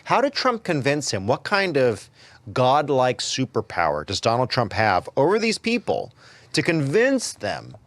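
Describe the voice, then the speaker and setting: A man's voice: medium pitch, huge pitch swings, a little slow, a bit bright, dry recording. A man hosting a podcast, giving opinionated commentary and often stammering into repeated words. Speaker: podcast host.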